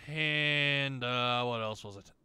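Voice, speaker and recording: A man ranting angrily and profanely over gameplay, mocking people in shrill voices. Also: slow pace, pushed and bright, clear, resonant tone, no room sound. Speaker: let's play host. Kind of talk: angry rant over gameplay.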